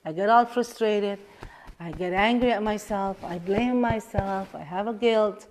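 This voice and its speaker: A woman's voice: mid-range voice, a little slow, a little hiss or hum. Earnest woman coach repeating affirmations. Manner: earnest, repeats affirmations and questions, drops to a soft hush. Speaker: life coach. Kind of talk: live coaching session guiding a tapping exercise.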